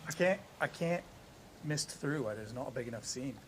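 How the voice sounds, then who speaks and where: A man playing a tabletop game, talking in a halting way as he thinks aloud. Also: medium pitch, expressive, slight background noise. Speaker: player. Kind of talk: casual tabletop play.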